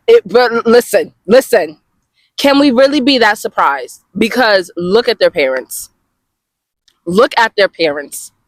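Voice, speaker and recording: A woman giving a casual, expressive reaction review of comics, swearing freely and talking straight to her viewers. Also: mid-range voice, unhurried, dry recording. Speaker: webcomic reviewer.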